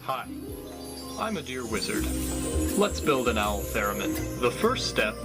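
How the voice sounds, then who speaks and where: A man's voice: mid-range voice, sing-song, measured pace. A man voicing a friendly deer wizard who gives step-by-step instructions in a comedic tutorial clip. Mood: cheery instructive. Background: loud music.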